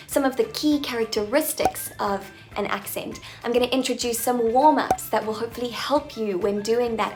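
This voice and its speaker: A woman accent coach making an upbeat announcement to her viewers, with playful, jokey asides. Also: fairly high pitch.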